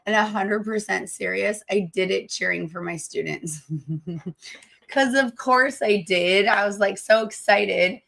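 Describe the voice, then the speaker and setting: Woman teacher, hoarse, gravelly voice, gushing livestream host. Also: mid-range voice, takes it slowly, a bit bright. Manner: gushing, affectionate to viewers. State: hoarse from damaged vocal cords. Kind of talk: casual livestream chat.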